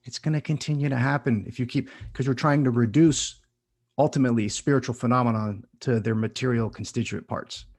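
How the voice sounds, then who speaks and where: A man's voice: mid-range voice, fairly even intonation, fairly quick, a little mellow. A man hosting a podcast in casual conversation, earnest and building long analogies. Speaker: podcast host.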